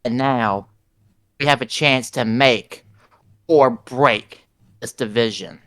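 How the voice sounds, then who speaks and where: A man's voice: medium pitch, takes it slowly, a bit bright, pitched below the performer's own voice. A man playing a proud, sentimental veteran wrestler giving an earnest victory speech in a tabletop game. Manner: earnest in-character promo speech.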